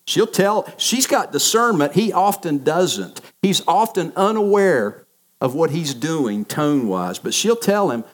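A man's voice: on the high side, expressive, unhurried. A middle-aged man preaching a sermon, telling family stories and acting out the voices in them. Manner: storytelling, acts out quoted voices of family members. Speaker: pastor.

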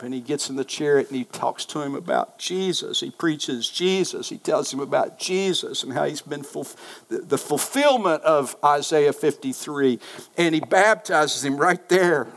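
A man preaching a sermon as pastor, fervent in prayer, swinging between loud pleading and hushed, storytelling asides. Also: fairly high pitch, normal speed. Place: church sanctuary.

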